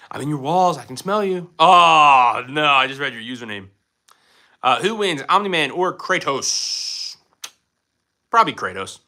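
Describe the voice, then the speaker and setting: A man's voice: medium pitch, bright, forceful tone. A young man hosting a casual live stream from his home, joking as he answers chat questions.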